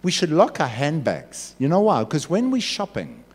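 A man preaching a sermon in an animated way, acting out voices and jokes. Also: fairly high pitch, moderate pace. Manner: animated, acts out voices and asides. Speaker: pastor. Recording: echoey hall.

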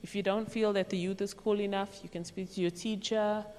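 A chatty woman giving a relaxed youth talk on faith, her voice at an ordinary middle pitch. She throws herself into little acted-out quotes and loose asides. Her voice carries a long echo through a large hall. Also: brisk. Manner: chatty, animated, acts out quotes and laughs.

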